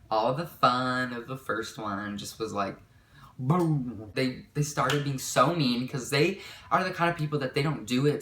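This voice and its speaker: A young woman with a bright, forceful voice rambles through a storytime, leaning on "like" at every turn. She records into a camera mic in an echoey room with a faint hum behind her. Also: very deep voice. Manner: rambling, full of "like" fillers. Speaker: vlogger. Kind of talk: storytime vlog.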